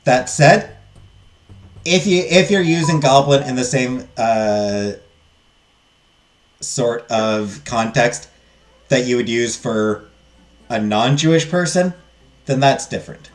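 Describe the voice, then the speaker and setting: A man's voice: mid-range voice, slow, long pauses. A man hosting a let's play, reading a game's text aloud and joking with viewers in casual asides.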